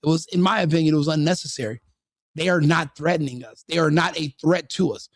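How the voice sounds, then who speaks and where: Man, stream host, fairly high voice, dry close sound, repetitive rhetorical commentary. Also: fast talker, no echo. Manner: repetitive, restarts phrases, rhetorical questions. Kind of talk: opinionated live-stream commentary.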